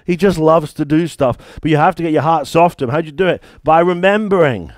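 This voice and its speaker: A man's voice: a little high, fast, hardly any pauses, no echo, clean studio sound. A British man, a church founder and pastor, preaching a sermon in a conversational, emphatic way with stories.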